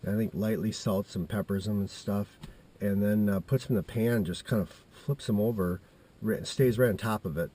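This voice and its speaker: Fifty-something guy telling a story, low husky mellow voice, keeps restarting and going off on tangents. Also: fairly even intonation, moderate pace. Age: 50s. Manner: meandering, with many restarts and asides. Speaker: vlogger telling a personal story. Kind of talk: casual rambling storytelling.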